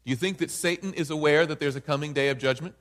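High-voiced man preaching in a hall. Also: quick pace, fairly bright tone. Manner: emphatic, keeps asking listeners "right?". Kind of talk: Bible study sermon.

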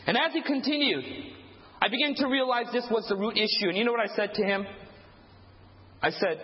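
A man's voice: high voice, brisk, long pauses. A man preaching a sermon, telling stories and acting out the dialogue with animation. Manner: animated storytelling, acts out dialogue. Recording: echoey hall, dull lo-fi sound.

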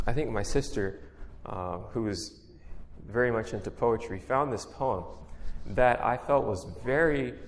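Relaxed preaching man in echoey hall. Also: on the low side. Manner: plain-spoken, relaxed, explaining step by step. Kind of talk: conversational sermon. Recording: long echo of a large hall.

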